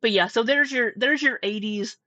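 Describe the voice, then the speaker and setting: A woman's voice: fairly high pitch, normal speed, pushed and bright, no echo. A middle-aged woman doing casual reaction commentary, teasing, sarcastic and freely profane. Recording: dull, dry, slightly lo-fi sound.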